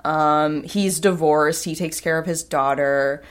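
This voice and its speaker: Woman podcast co-host, very low voice, loose rambling recap full of likes and ums. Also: steady tone, takes it slowly, smooth. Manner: rambling, many fillers and restarts. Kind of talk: casual chat, recapping a film.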